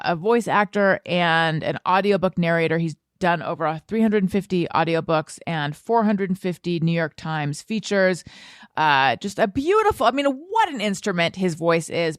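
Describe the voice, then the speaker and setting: A woman's voice: on the low side, no room sound, studio quality. A woman hosting a podcast in a casual, rambling, self-amused chat. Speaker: podcast host.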